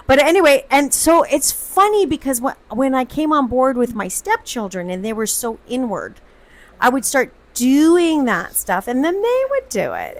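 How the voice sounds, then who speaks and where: A middle-aged woman guest performer in casual chat, telling stories with lots of laughter. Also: high voice. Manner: animated storyteller, laughs often.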